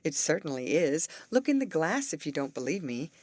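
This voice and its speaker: A woman voicing a brisk, bossy teenage girl who leads her friends and coaxes them along. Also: deep voice, big pitch swings, darkish tone, no echo. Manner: brisk and coaxing.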